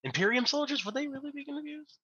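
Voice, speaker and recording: Chatty male player, bright forward tone, slightly dull dry recording. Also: extremely high pitch, expressive, fast, dry recording. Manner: chatty, laughs between lines, argues rules. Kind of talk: casual tabletop play.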